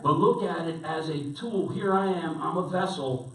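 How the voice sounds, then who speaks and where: A male pastor tells a story from the pulpit, talking casually and circling back through restarts and fillers. His voice sits a little high for a man. It rings around a roomy hall, heard from some distance off the mic. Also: moderate pace, fairly bright tone. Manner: conversational, rambling with many restarts and fillers. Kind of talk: storytelling sermon. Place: church hall. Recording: echoey hall, voice from far off.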